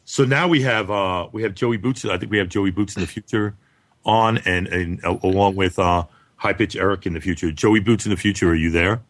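A man's voice: low-pitched, fairly quick. A man hosting a call-in talk show, laid-back and casually profane. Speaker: host.

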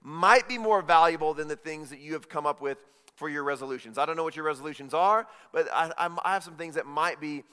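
A man, a pastor, giving a devotional talk in a halting way, often repeating his words. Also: fairly high pitch, pushed and bright, clean tone. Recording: long reverb.

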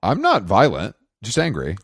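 A man's voice: lowish voice, huge pitch swings, moderate pace, slightly rough, no room sound, studio quality. A man co-hosting a podcast, chatting casually with teasing, profane wisecracks. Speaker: podcast co-host. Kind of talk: casual chat.

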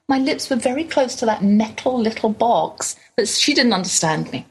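English lady radio host, a bit husky and gravelly, chatty storytelling. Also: fairly high pitch, moderate pace, low-quality recording. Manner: chatty, animated anecdote telling. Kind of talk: casual storytelling monologue.

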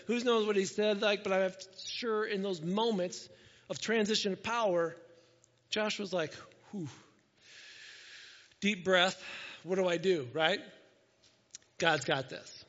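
A man preaches in a high voice, chatting with his listeners and often asking "right?" as he acts out scripture quotes. His voice rings with long reverb in a church hall. The recording sounds dull and lo-fi. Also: a bit bright. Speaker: pastor. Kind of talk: sermon with scripture reading.

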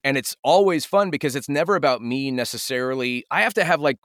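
A man's voice: mid-range voice, fast, no room sound, clean studio sound. A man in his forties, a voice actor telling stories animatedly in a casual interview. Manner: animated storytelling, slips into impressions. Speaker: voice actor, guest.

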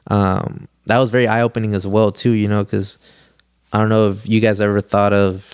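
A man's voice: on the low side, flat delivery, normal speed, clear, resonant tone, no room sound, studio quality. A young man, a podcast guest, telling a story in a rambling, casual way, full of "like" and swearing. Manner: rambling, heavy use of "like", swears freely.

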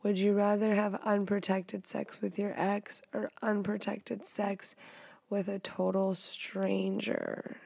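Gravelly, blunt young woman podcast host. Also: medium pitch, flat delivery, slow pace, a little mellow, dry recording. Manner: blunt, playful, self-mocking. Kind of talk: casual candid chat.

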